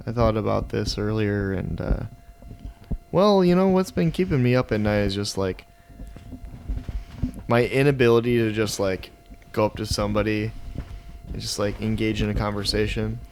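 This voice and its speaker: Low-voiced man rambling on a podcast. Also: normal speed, gravelly, pauses often, a little mellow, slight background noise. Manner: rambling, profane. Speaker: podcast co-host. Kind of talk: casual podcast chat.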